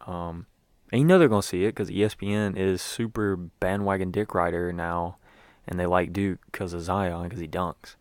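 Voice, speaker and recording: A man's voice: deep voice, fairly even intonation, normal speed, no echo. A man hosting a sports podcast, talking in a loose, rambling way with plenty of fillers. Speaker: podcast host. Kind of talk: casual sports podcast talk.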